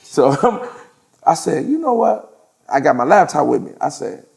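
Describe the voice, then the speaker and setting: A man, a podcast guest telling profane, animated stories and laughing through them. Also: on the high side, normal speed, creaky. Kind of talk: casual storytelling in an interview.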